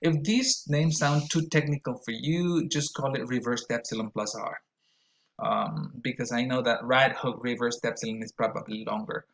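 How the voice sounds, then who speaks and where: A man gives a recorded pronunciation lesson at a middle pitch. He explains step by step and draws out example words slowly and clearly so learners can copy them. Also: fairly even intonation, fairly bright tone, low-quality recording. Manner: explains slowly, models words with careful exaggerated vowels. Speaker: pronunciation teacher.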